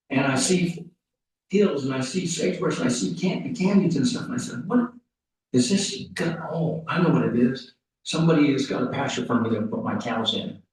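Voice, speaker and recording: A man giving a rambling, folksy eulogy at a funeral service, full of halting restarts. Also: medium pitch, darkish tone. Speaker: funeral speaker. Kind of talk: eulogy storytelling. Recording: echoey hall, mic off at a distance.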